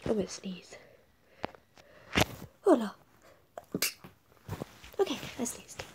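A woman's voice: a little high, sing-song, slow. A young woman casually narrating her gameplay, rambling and a little awkward, often dropping to a whisper. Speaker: game vlogger. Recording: noisy home recording.

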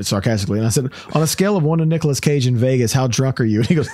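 A man's voice: mid-range voice, racing, darkish tone, dry recording. A man hosting a casual podcast, telling rambling stories and laughing through his own jokes. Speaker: podcast host.

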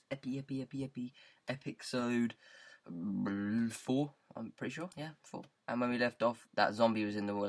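Talking into a headset microphone, a British-accented gaming YouTuber offers loose, wandering commentary on his gameplay. His voice sits on the lower side, and he fools about by repeating words in goofy riffs.

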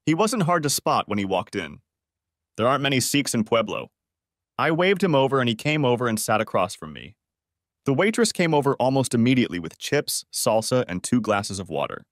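A man reading a first-person audiobook story in a measured storytelling manner. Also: medium pitch, big pitch swings, dry recording, studio quality. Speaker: narrator.

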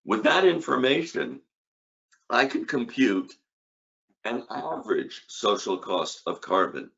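A man's voice: lowish voice, very animated, takes it slowly, vocal fry, fairly bright tone, highs cut off. An older man giving an academic conference lecture on economics, emphatic, with rhetorical questions and punchy repeated short phrases.

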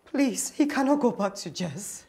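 A jealous rival. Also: female voice, fairly high pitch, lively intonation, measured pace, darkish tone. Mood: desperate. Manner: combative and pleading. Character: jealous, desperate young woman rival.

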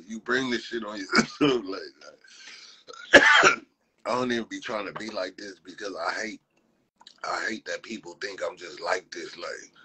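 A man's voice: fairly low pitch, bright, forceful tone, a little hiss or hum, poor audio. A man from Compton in Los hosts a live stream, mocking viewers in profane, casual talk with frequent laughs. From Compton, Los Angeles.

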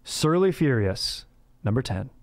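A man's voice: mid-range voice, sing-song, a little slow. A man hosting a comedy podcast, rambling in slangy, laid-back banter. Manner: slangy, rambling, says dude a lot. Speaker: podcast host.

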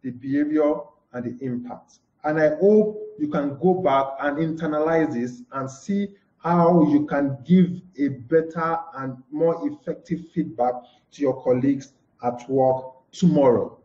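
A man's voice: a little high, a little slow, few pauses, dark tone. A man teaching a live-streamed lesson, who keeps saying "okay" and answers his own questions. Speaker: communication trainer. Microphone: live broadcast mic. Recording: dull echoey room.

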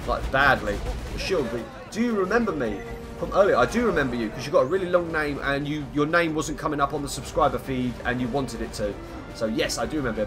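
A man with a croaky voice chatting through live gameplay commentary, greeting viewers and humming between lines. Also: mid-range voice. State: hoarse, croaky voice. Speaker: game streamer. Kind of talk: live gameplay commentary, reading chat aloud.

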